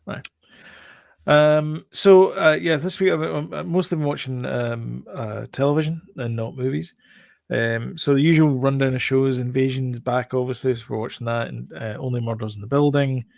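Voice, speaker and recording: A man's voice: medium pitch, creaky, a little mellow, no room sound, clean studio sound. A man co-hosting a podcast, rambling and joking about films and TV. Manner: rambling, jokey, riffs on film trivia. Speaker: podcast co-host. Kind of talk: casual chat.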